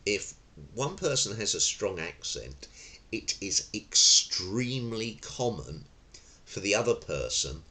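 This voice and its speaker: A man's voice: deep voice, bright, forceful tone. An older man from London, teaching a self-defence lesson in a chatty, digressive way with frequent fillers and self-corrections. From London, England. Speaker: tai chi and self-defence instructor. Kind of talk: informal spoken lesson.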